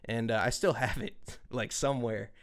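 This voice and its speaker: A man hosting a podcast, telling stories in a loose, profane, animated way. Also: medium pitch, moderate pace. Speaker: podcast host. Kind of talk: casual chat, storytelling.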